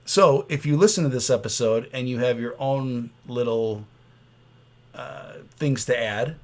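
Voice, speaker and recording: A man co-hosting a podcast from his children's bedroom, joking in a dry, deadpan way. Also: mid-range voice, a little slow, a little hiss or hum. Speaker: podcast co-host. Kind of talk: casual chat.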